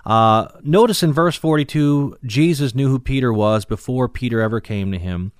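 A man teaching the Bible verse by verse, reading old-fashioned scripture aloud and explaining it with many pauses and fillers. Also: medium pitch, clear, resonant tone, no room sound, studio quality. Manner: reads King James verses aloud, then explains them with frequent "uh" fillers.

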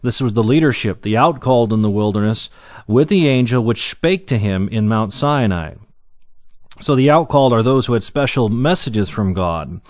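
Male Bible teacher, mid-pitched voice, dry close sound, reads verses slowly then explains with hesitant restarts. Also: animated, no room sound.

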